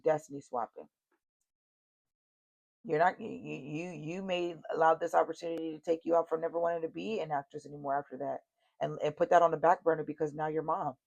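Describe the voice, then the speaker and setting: A woman's voice: low voice, creaky, a little mellow, muffled recording. A woman giving a casual tarot reading, speaking bluntly and straight to her viewers, cursing freely and repeating her warnings. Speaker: tarot reader.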